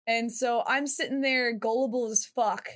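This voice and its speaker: Casting note: woman streamer, slightly high voice, lively storyteller, swears freely. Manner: animated storyteller, swears freely, quick asides. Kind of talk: casual chat.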